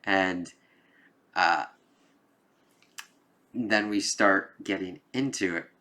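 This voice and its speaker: A man's voice: low-pitched, drawn-out words, pushed and bright. A man giving a casual spoken film review, rambling with lots of "like"s and frequent swearing.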